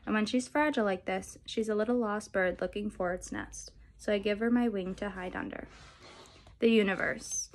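A woman reading a novel aloud in a calm, measured way. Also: mid-range voice, a little hiss or hum, poor audio. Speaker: audiobook reader.

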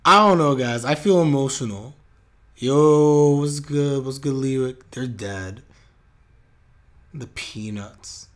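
A man's voice: mid-range voice, slow. A man reacting live to an anime episode on his stream, chatty and openly emotional.

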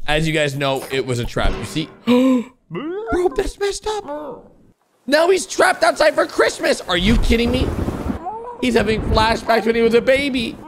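A young man hosting a reaction video, excitable and loud, often laughing and shouting as he comments. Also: very high voice. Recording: music playing underneath.

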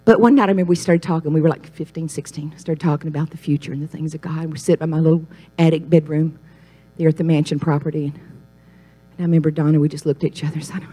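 A woman's voice: steady tone, quick pace, breathy edge. A woman giving a personal testimony sermon, telling stories and building to emphatic, rising points. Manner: emphatic, storytelling, swells louder and higher on key points. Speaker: speaker at a Christian ministry.

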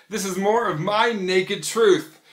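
A brash, mocking male vlogger with a high, sharp and bright voice. He rants straight to the camera, laughing at his own jokes. The sound bounces around an echoey room. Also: normal speed. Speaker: vlog host. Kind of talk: comic opinion rant to camera.

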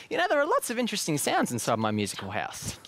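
A woman's voice: fairly low pitch, wildly swooping pitch, a little fast. A woman presenting children's TV, bubbly and giggly, breaking into song. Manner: bubbly, giggly, sings along.

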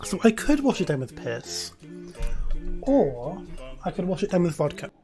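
A woman's voice: on the low side, sing-song, normal speed, warm tone, faint music behind. Crude, jokey woman streaming a game. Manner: crude, playful, jokey, lots of swearing. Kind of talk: casual let's-play commentary.

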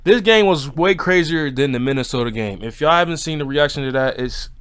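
A heated man rants in a casual fan reaction vlog, his somewhat high voice swinging up and down as he vents. He swears freely and keeps turning to his viewers. He sounds upset and fed up throughout. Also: lively intonation, fairly quick, fairly bright tone, smooth. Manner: frustrated, profane ranting to viewers. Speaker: sports reaction vlogger.

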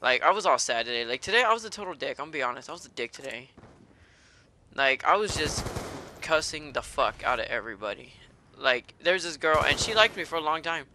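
A man rants through his gameplay commentary in a fired-up rage, swearing at nearly every turn. His voice is very sharp and bright, with a faint hiss of noise beneath it. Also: fairly high pitch, animated, a little fast. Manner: profane, ranting, fired-up rage. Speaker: gaming commentator.

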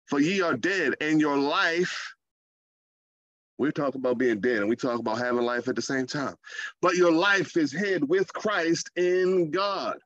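A man, chatty and animated, slipping into quoted voices to make his point. His voice sits fairly high for a man. The sound is dry and a little dull. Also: no room sound. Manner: animated, conversational preaching with playful asides and acted quotes. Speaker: preacher. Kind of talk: sermon.

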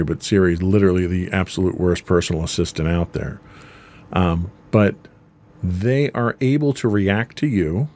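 A man's voice: low voice, a little mellow. A man co-hosting a podcast, casually explaining ideas with everyday examples and frequent ums. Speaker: podcast co-host.

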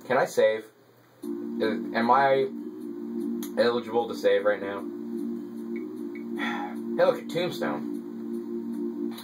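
A man giving casual gameplay commentary as a let's play gamer, excitable and quick to mock his own frustration. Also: on the low side. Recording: distant mic with game music behind.

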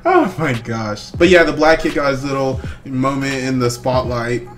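A young man hosting a casual reaction video, jokey and animated, laughing often and calling the viewer bro. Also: mid-range voice, normal speed, music in the background.

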